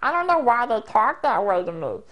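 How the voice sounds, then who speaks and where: Comic bit: man doing a high, squeaky moaner, self-pitying and sighing. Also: very animated, brisk, a bit bright, full character voice. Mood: whiny. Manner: moaning, sighing complaints.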